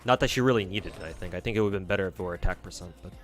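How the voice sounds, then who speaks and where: He speaks rapid-fire in a low voice. The man is streaming a game and muttering casual gameplay commentary to himself, swearing freely, while faint game music plays.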